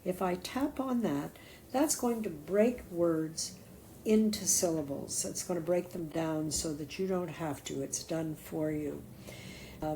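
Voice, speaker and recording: Female narrator, middle-aged, lowish mellow voice, patient explainer for an app walkthrough. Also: a little hiss or hum, low-quality recording. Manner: patient, explanatory, tapping through settings step by step. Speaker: app demonstrator. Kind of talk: scripted product walkthrough narration.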